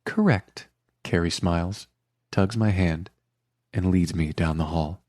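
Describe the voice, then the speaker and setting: A man with a very low, deep voice narrates a first-person romance audiobook. He reads in a quiet, intimate, measured way. The sound is dry and close, with no room around it. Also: fairly even intonation, no room sound.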